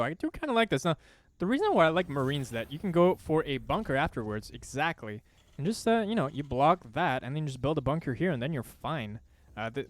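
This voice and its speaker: A man casting a strategy game replay with animated, chatty, self-deprecating commentary, often thinking out loud. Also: a little high. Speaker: esports caster.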